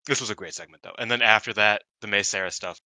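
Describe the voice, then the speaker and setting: A man co-hosting a podcast over an internet call, chatting excitedly and mimicking people in higher voices. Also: quick pace, dry recording. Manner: excitable, acts out quotes in high voices. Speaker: podcast co-host. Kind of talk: casual chat. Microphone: home mic over internet call.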